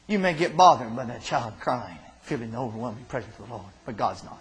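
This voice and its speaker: A man preaching an impassioned sermon in a church, with fervent, drawn-out delivery and answers from the congregation. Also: medium pitch, a bit bright, poor audio. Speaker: pastor.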